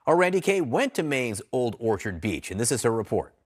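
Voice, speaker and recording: A male anchor reads the news in a brisk, scripted way. His pitch moves around a lot as he speaks. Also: sing-song.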